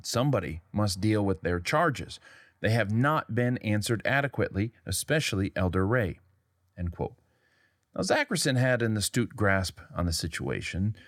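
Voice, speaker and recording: A man's voice: lowish voice, very animated, normal speed, dry recording, clean studio sound. A man hosting a history podcast, narrating in a wry, conversational way and reading quotes aloud. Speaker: podcast host.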